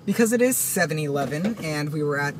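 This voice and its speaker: A man's voice: a little high, animated, fairly quick, background noise. A young man, chatting and joking on a casual outdoor vlog, recorded on a handheld camera. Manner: joking, laughing, shouting at times. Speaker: vlogger. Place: outdoors at a park and gas station.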